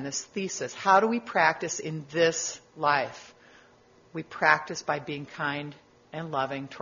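A middle-aged woman giving a sermon as a guest speaker, gentle and reflective, with casual asides. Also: sits low, dull audio, slight background noise.

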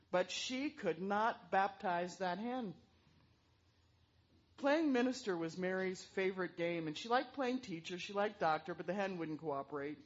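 A woman telling a story aloud in an animated way, throwing in sound effects. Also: medium pitch, highs cut off. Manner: lively, with vocal sound effects.

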